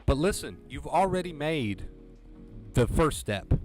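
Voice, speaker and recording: A man's voice: on the high side, sing-song, measured pace, a little mellow, soft background music. A man coaching viewers through anxiety recovery on a livestream, talking earnestly and directly, repeating his points for emphasis. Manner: earnest, repetitive, direct pep talk.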